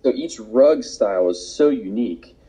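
A man's voice: medium pitch, lively intonation, normal speed, dark tone, husky. A man casually telling a travel story with a friend on a podcast, wry and dry in delivery. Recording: dull lo-fi sound.

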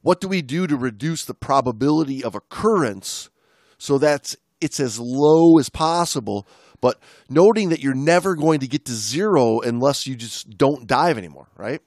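A man's voice: mid-range voice, moderate pace, dry recording, clean studio sound. A man co-hosting a podcast, chatting casually while reading from an article, with restarts and jokes. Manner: relaxed, stumbling restarts, joking. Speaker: podcast co-host.

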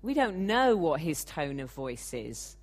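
Woman preacher, sermon, earnest, measured, unhurried, slightly low pitch. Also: sing-song. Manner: measured, earnest, acts out quoted voices.

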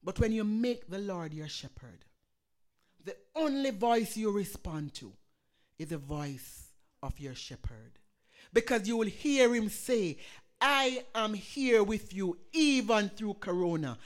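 A woman pastor preaching a sermon with passion, swinging between loud calls and hushed prayer. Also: medium pitch, animated, slow pace.

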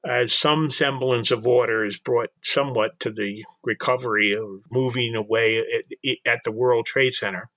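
Bright, dry-voiced older New man. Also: medium pitch, steady tone, no echo. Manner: earnest, halting with repeated words. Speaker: interview guest. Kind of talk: storytelling in conversation.

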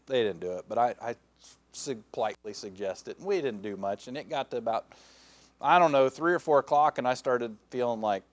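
A man preaching a folksy, lively sermon, with playful asides to the congregation. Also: mid-range voice, normal speed, no room sound. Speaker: pastor. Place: church sanctuary.

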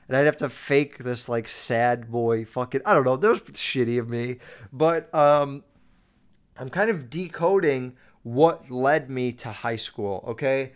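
A man's voice: mid-range voice, normal speed, clean tone. A young man hosting a podcast, telling rambling, crude stories about his school years and swearing constantly. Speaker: podcast host. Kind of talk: casual storytelling monologue.

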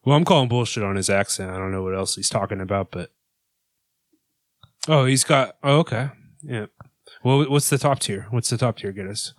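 Blunt, mocking male co-host, dry close recording, middle pitch. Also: normal speed, long pauses, no room sound. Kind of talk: casual reaction commentary.

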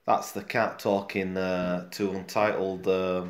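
A Yorkshire man co-hosting a relaxed comics chat. He talks in a lowish voice, trailing off with fillers as he thinks. The room echoes around him. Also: slow. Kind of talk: casual chat about comics. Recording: roomy echo.

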